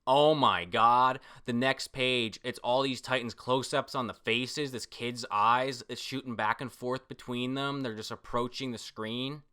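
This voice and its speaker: An excitable man talks his way through a comic chapter, reacting as he goes. His voice is bright and tense, and he swears freely. He breaks in with loud exclamations between his descriptions. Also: medium pitch, unhurried, hardly any pauses, clean tone. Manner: excitable, profane, frequent exclamations. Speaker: manga reader reacting to a chapter. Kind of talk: excited read-through commentary.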